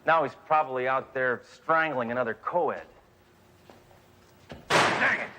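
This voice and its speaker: An actor playing a brash, self-assured male police detective with a deadpan, macho delivery. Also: mid-range voice, a little slow, very noisy, natural voice. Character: brash trigger-happy male cop, adult. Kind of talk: sitcom acting.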